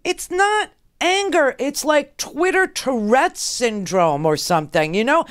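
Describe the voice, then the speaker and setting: A woman's voice: high voice, animated, measured pace, no room sound. A middle-aged woman hosting a political talk radio show, with a sarcastic, mocking delivery. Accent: New York.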